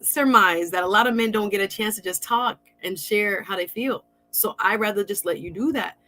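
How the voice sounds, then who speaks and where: A woman hosts a relaxed podcast conversation in a mid-pitched voice. She is chatty and expressive and uses informal slang in easy, flowing talk. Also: moderate pace, soft background music. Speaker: podcast host. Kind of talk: casual chat.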